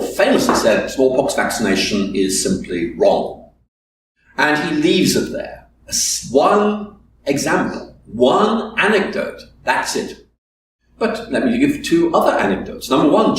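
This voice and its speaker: A man giving an academic lecture, emphatic and laying out his points one by one. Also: mid-range voice. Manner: emphatic, lays out numbered points. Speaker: guest lecturer. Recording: echoey hall from far off with noise.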